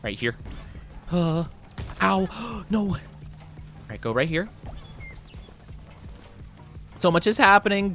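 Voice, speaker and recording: A bubbly, excitable man chatting his way through a game on a live stream, giggling often and rambling with plenty of fillers. His voice sits fairly high for a man and swoops up and down with lively energy. Faint game music plays underneath. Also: slow, pauses often. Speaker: VTuber streamer. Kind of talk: casual live gameplay commentary.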